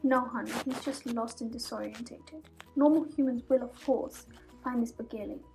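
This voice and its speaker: Woman voicing an earnest gentle island girl, highish voice, faint music. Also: moderate pace, gravelly. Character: gentle island girl who talks to animals.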